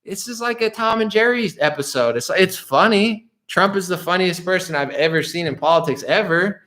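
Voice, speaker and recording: A man's voice: high voice, moderate pace, a bit bright. A young man chatting loosely with his audience, rambling and laughing, full of "bro" and "dude". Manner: rambling, laughs often, restarts, mimics voices. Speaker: streamer answering chat. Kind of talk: casual livestream chat.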